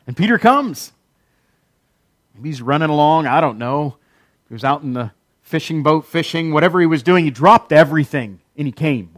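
A man delivers a sermon in a fairly high voice. He hammers his points with repetition and dramatic pauses. The sound is dry and close. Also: expressive, fairly bright tone, no echo. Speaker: pastor.

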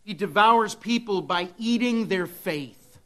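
A man's voice: sits high, takes it slowly, pushed and bright. A man preaching a sermon with dramatic delivery, at times voicing the devil's taunts. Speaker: pastor.

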